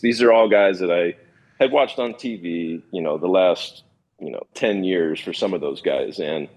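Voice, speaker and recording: A man in his thirties from California, once a pitcher, tells stories in a relaxed interview. His speech is easygoing, with many fillers and restarts.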